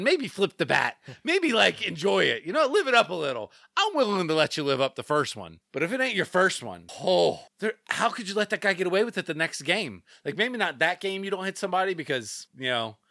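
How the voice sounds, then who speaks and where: A man co-hosting a casual chat, ranting in an animated, incredulous way and swearing freely. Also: a little high, creaky, no room sound, clean studio sound. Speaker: podcast co-host.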